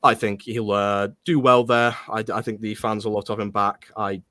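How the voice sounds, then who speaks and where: A man's voice: fairly low pitch, little pitch movement, normal speed, bright, forceful tone, dry recording. A man speaking as a guest on a football chat stream, hesitant, with frequent "um"s and restarts.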